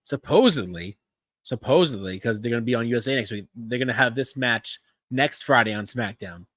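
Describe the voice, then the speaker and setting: A man hosts a casual live-stream chat, talking through whatever is on screen. He rambles and restarts his sentences, chuckling now and then, in a voice of ordinary pitch. His sound is dry and close, with no room around it. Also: expressive, a little fast, fairly bright tone, no echo. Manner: rambling, restarts and "yeah, no" fillers, easy chuckles. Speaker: podcast host.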